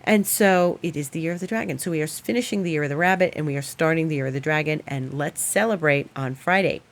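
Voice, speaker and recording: A middle-aged woman with a low voice talks through her astrology forecast in a chatty, animated way. She tells stories with plenty of laughter and spoken asides. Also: quick pace. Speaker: astrologer host. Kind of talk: casual storytelling and astrology forecast.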